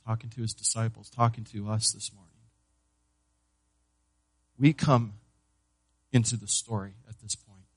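Man preaching with swings in loudness. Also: fairly even intonation, unhurried, long pauses, no room sound. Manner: preaching with swings from loud emphasis to hushed low delivery; asks the congregation questions and answers them himself. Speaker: pastor. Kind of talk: sermon.

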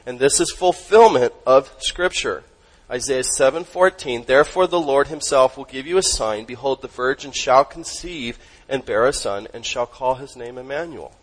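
A male pastor delivering a sermon in an emphatic, teaching manner. He throws questions out to the congregation and lets his voice sink almost to a hush on the words he wants to stress. His voice sits at an ordinary middle pitch. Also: moderate pace, few pauses, rough recording.

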